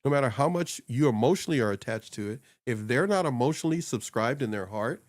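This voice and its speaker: A man co-hosting a casual talk show, rambling and animated, laughing often and putting on voices when he quotes people. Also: medium pitch, fast, dry recording, studio quality. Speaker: podcast co-host and social media coach. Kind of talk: casual chat. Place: small home studio upstairs.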